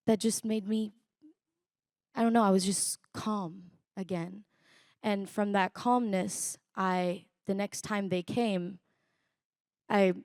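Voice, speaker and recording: Slow-spoken young woman. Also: medium pitch, a little mellow, no room sound, clean studio sound. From Israel. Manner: reflective, halting with fillers. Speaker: interview guest. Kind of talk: recounting a personal story. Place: conference stage.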